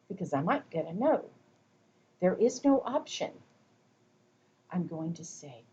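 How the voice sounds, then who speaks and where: A woman giving a recorded lecture, explaining slowly and deliberately, sometimes dropping to a whisper to demonstrate. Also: lowish voice, big pitch swings, mellow, dull audio, a little hiss or hum.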